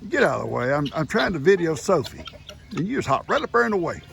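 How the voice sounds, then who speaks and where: Older man, gravelly, lively pitch, chatty farm vlog, outdoors, noisy phone recording. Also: fast. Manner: chatty, talks sweetly to his animals. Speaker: farm vlogger. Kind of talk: casual farm vlog narration.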